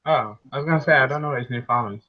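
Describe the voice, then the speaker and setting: A man co-hosting a casual roundtable chat, animated and joking, swearing often. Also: medium pitch, very fast, dull audio. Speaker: podcast co-host.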